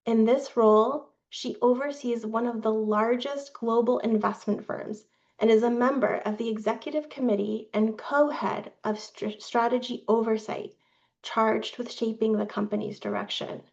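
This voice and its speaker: A woman staff presenter reading a prepared update in a formal, measured way, with small slips. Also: fairly high pitch, fairly even intonation, gravelly, darkish tone. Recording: dull lo-fi sound.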